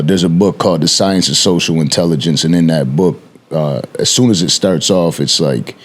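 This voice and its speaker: A man with a very low voice hosts a laid-back podcast chat. He explains ideas through stories and acts out the quoted lines of the people in them, swearing casually as he goes. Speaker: podcast host.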